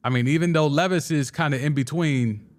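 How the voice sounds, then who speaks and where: A young man hosting a casual sports talk show, excitedly giving his takes and answering viewer comments, often restarting and stumbling over his words. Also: a little high, a little fast. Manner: excitable, with frequent restarts and stammers. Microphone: studio microphone.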